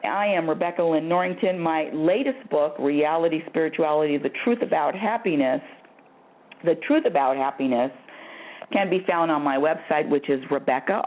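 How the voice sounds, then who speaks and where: Emphatic woman radio host, phone-line sound. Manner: emphatic and repetitive, calls the caller honey and dear; laughs often, swoops up high for emphasis. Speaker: radio host answering callers. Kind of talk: spiritual advice call-in show. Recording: narrow phone-like radio audio.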